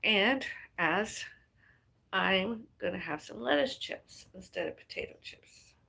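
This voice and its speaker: A woman's voice: mid-range voice, lively intonation, slow, gravelly, sharp tone, breathy edge. A woman chatting casually on a livestream. She rambles and muses aloud, trails off mid-thought, and sighs between ideas.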